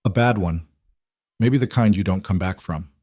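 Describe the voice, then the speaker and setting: A man playing a quiet, steady rancher who speaks in a measured, matter-of-fact way. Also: sits low, no echo, clean studio sound. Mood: calm.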